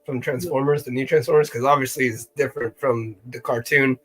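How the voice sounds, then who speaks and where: A man co-hosting a casual live-stream chat, animated and playful, often slipping into impressions. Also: medium pitch, brisk, husky, soft background music. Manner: animated, playful, jumps into voices. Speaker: co-host.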